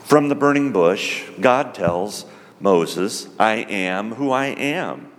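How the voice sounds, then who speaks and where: A man preaching a sermon in a slow, emphatic way. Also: big-room sound. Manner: slow, emphatic, lively pitch.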